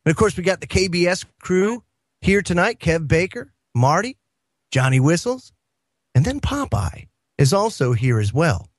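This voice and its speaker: A man hosting a talk radio show, in casual, animated banter with his co-hosts. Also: high voice, normal speed, no room sound, clean studio sound. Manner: animated, exclaiming, laughs easily.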